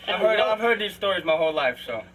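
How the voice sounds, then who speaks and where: Male guest, bright tone, hesitant and brief, faint room noise. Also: high voice, lively intonation, fast talker, low-quality recording. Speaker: guest, host's nephew. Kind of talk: casual family chat. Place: family home.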